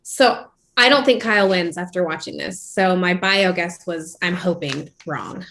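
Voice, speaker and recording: A woman's voice: fairly low pitch, measured pace, fairly bright tone. A woman co-hosting a podcast, chatting casually and gossiping with a friend, laughing often. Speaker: podcast co-host. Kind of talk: casual chat.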